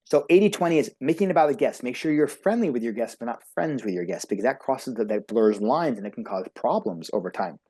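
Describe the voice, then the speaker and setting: A man's voice: medium pitch, animated, fast talker, few pauses, mellow, breathy edge. A man speaking as a beauty industry coach who is a guest on a podcast. He talks eagerly and emphatically and runs on at length. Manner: talkative, enthusiastic, emphatic. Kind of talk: energetic motivational talk.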